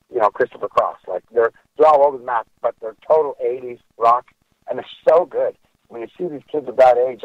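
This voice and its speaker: Chatty male guest musician, animated, dull dry recording. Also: mid-range voice, no echo. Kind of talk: casual chat. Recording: dull lo-fi audio.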